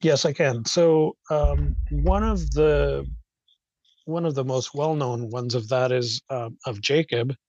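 A man of middle pitch talking things through off the cuff, pausing often and restarting his sentences. The sound is dry and a little dull and muffled, with no room around it. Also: darkish tone, no echo. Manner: rambling, hesitant, with many fillers and restarts. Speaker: guest. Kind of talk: unscripted explanatory talk.

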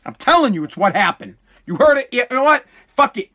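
A high-pitched man rants through his livestream podcast. His voice is bright and forceful, and he runs heated and profane, looping back over the same words. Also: sing-song, brisk. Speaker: podcast host. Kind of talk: casual livestream podcast rant.

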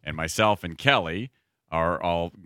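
A man co-hosting a show, recounting a trip in animated casual banter and laughing mid-sentence. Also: low-pitched, unhurried, clear, resonant tone, dry recording, studio quality. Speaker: radio show co-host.

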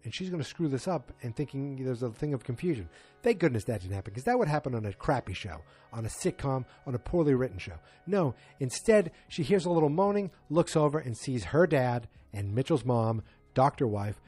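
A man's voice: medium pitch, breathy edge. A man casually recapping a TV episode in a rambling way, acting out the characters' lines as he goes. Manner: rambling, animated, quotes characters.

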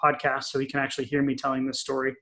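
Middle-aged male podcast co-host, chatty storyteller, mid pitch, lots of ums. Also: very fast. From New England. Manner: chatty, animated storyteller with many fillers. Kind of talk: casual podcast chat, storytelling.

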